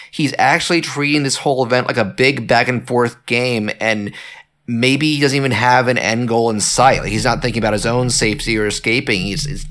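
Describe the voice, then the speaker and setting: A man casually discussing a horror movie, animated and full of fillers and restarts. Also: medium pitch. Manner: animated, lots of fillers and restarts, acts out quotes. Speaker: podcast co-host.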